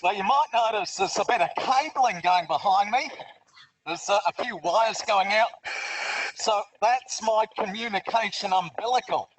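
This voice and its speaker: An Australian man gives a cheerful, chatty live educational webinar from underwater in a large aquarium tank, talking through a full face mask mic. He has a high, a bit bright voice with a breathy edge and a moderate pace. The recording sounds distant and muffled.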